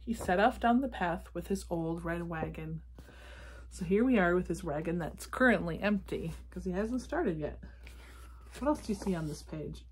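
A woman reading a picture book aloud to children, gently asking them questions about the pictures. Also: medium pitch, breathy edge. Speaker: children's storybook reader.

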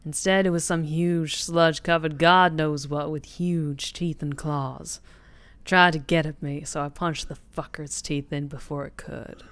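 Brief: woman doing a gruff old Cajun swamp man, slow low drawl, rough-spoken. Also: steady tone, no echo. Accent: Cajun, put on.

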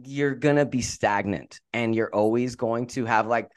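A man's voice: medium pitch, normal speed, clear, resonant tone. A man hosting a podcast interview as a relationship coach, emphatic and repeating words for effect.

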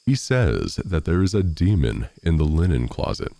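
A man's voice: low voice, big pitch swings, normal speed, gravelly, dark tone, no room sound, heavily acted. A man voicing a sly, clever little farmer in a storybook reading, with a knowing, slightly raised voice.

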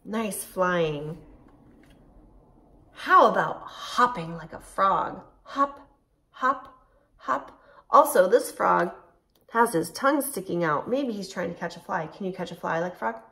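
Slow-talking, sing-song preschool teacher woman. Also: lowish voice. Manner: lively and encouraging, with a sing-song voice that drops to whispers. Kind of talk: circle time with a movement game for young children.

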